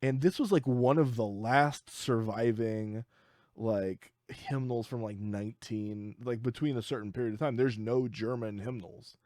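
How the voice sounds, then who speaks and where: A man's voice: mid-range voice, unhurried, a little mellow, no echo, clean studio sound. A man co-hosting a podcast in casual chat, rambling and joking, acting out the people he quotes. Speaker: podcast co-host. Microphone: studio mic.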